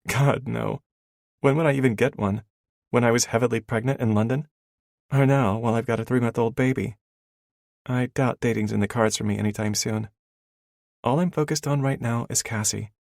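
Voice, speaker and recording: A man's voice: medium pitch, fairly even intonation, moderate pace, vocal fry, darkish tone, no room sound, studio quality, voice pushed up, natural voice. A man voicing a teasing young mother. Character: young woman, new mother, teasing and blunt.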